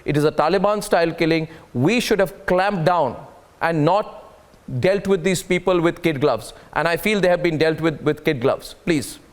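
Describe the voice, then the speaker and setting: A man's voice: a little high, moderate pace. Insistent Indian man anchoring a debate. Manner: insistent, emphatic, repeats phrases for force. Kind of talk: televised studio debate. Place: TV studio.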